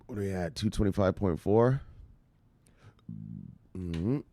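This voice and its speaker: Excitable, profane crypto host, low voice. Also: male voice, slow, soft background music. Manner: profane, excitable, laughs often. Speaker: crypto news show host. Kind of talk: casual market commentary.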